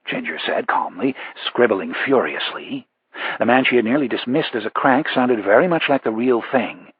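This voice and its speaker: A man narrating a thriller audiobook in a measured, even way. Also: fairly low pitch, breathy edge, dry recording. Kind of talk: scripted narration. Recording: dull lo-fi audiobook recording.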